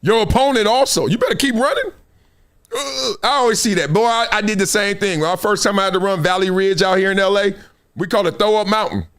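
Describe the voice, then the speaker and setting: A man's voice: sits high, brisk, a bit bright, clean tone. A man hosting a live sports talk show, telling stories in a preachy, playful way, acting out quotes and laughing often. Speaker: host.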